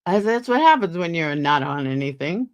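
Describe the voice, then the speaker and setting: Tired woman livestream host, lower voice, gossipy, chats with her chat. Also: very animated, normal speed. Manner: chatty, gossipy, reads out viewer names. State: tired, yawning. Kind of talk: casual chat with live viewers.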